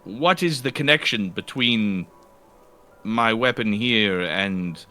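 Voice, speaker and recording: A man's voice: on the low side, animated, takes it slowly, sharp tone, soft background music, full character voice. A man voicing his formal, courtly warrior character in a tabletop game. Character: formal noble-spoken young warrior.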